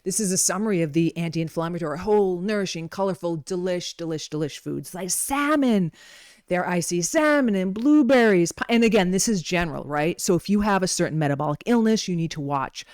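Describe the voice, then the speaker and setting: A woman presenting on wellness speaks fairly fast and with animation, her fairly low voice a little mellow, as she chats and rambles into stories. Recorded dry on a modest home mic, it sounds studio quality.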